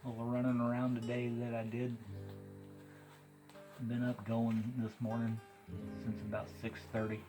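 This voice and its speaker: A man's voice: mid-range voice, monotone, a little slow, pauses often, low-quality recording. A man with a Missouri accent chatting casually in a video log, rambling and chuckling often. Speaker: vlogger. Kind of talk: casual chat. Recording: guitar music playing behind.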